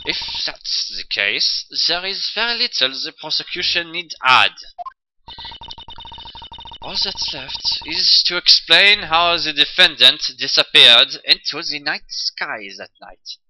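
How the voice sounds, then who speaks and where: Guy doing a snooty german-accented lady prosecutor, slow and drawn out, bit high, fan game read. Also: lively intonation, pushed and bright, slight background noise, full character voice, rough recording. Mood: scornful. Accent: put-on German. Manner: theatrical, scornful, emphatic. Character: haughty young female prosecutor with German flair. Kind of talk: amateur voice-acted game reading.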